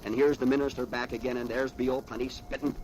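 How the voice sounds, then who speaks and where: A man's voice: medium pitch, flat delivery, fast. A middle-aged man, a mayor, reading comic strips aloud to children over the radio in a chatty, chuckling way with rambling asides. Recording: hissy 1930s radio archive recording.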